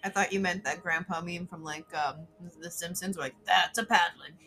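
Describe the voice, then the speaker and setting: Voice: mid-range voice, fairly even intonation, normal speed, pushed and bright, faint music behind. A podcast co-host chatting casually, playful and giggly, trading jokes with a friend. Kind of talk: casual chat.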